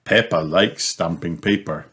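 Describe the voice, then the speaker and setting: A man reading a children's storybook aloud in a slow, lively storytelling manner. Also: sits low, husky. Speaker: storybook reader. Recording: noisy home recording with clicks.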